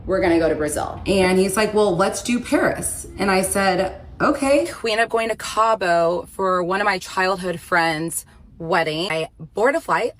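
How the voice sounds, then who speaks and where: A woman's voice: medium pitch, normal speed. A woman chatting through a personal story, recounting one trip after another.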